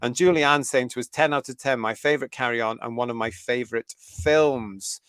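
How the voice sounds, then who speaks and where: A man's voice: mid-range voice, fairly quick, fairly bright tone, smooth, dry recording, studio quality. Chatty British man hosting a live stream. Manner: chatty and enthusiastic, laughing often. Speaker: host of a fan review livestream. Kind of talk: live stream chat, reading viewer comments.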